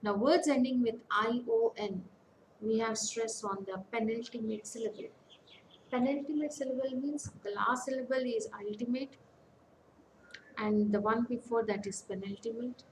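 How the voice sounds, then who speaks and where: A woman with an Indian English accent, an academic counsellor giving a methodical online lecture on English word stress and repeating each example word slowly. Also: a little high, steady tone, slight background noise, low-quality recording.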